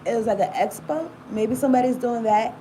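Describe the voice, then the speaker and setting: A woman's voice: fairly high pitch, fairly quick, warm tone, slight background noise, poor audio. A woman giving a casual tarot reading, rambling and talking straight to the viewer with frequent asides. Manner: rambling, casual, laughs often, talks to viewer directly. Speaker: tarot reader.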